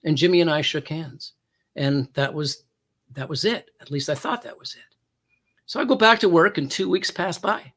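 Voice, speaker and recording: A man's voice: on the high side, moderate pace, a bit bright. A former police officer telling a personal story as a talk show guest, acting out the quoted lines with big jumps in his voice.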